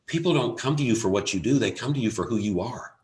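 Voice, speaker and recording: A man giving a motivational talk, telling a personal story earnestly with dramatic pauses and rising emphasis. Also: medium pitch, expressive, darkish tone. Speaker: motivational speaker. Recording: echoey room.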